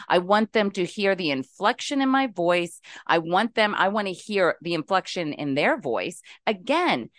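A woman's voice: on the low side, very animated, normal speed, few pauses, fairly bright tone, no echo, studio quality. A middle-aged woman from West Virginia calling into a talk show, venting animatedly and with exasperation. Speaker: caller. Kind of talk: casual talk-show call-in.

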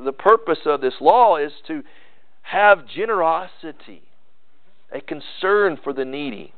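Male pastor, earnest sermon delivery with frequent restarts, slightly high voice, thin phone-line audio. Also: very animated, unhurried. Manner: earnest preaching with many restarts and repeated words. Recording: tinny phone-like sermon recording.

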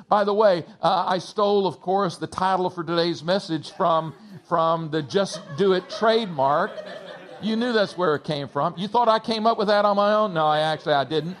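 A man's voice: sits high, moderate pace. A male pastor preaching a sermon, emphatic and punching key words, with chatty asides to the congregation. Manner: emphatic, building to raised stresses on key words. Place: church sanctuary.

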